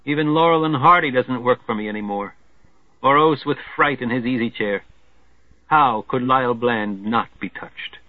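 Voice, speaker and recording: A man's voice: medium pitch, moderate pace, no room sound. Man narrating a novel over a tinny line. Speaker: audiobook narrator. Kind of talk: literary narration. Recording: tinny dry lo-fi phone-like sound.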